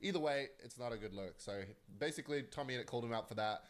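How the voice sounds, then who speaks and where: A man hosts a casual commentary vlog in a middle-pitched voice. He rambles in an animated, chatty way and breaks into laughs as he goes. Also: fast talker. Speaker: commentary vlogger. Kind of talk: casual online drama commentary.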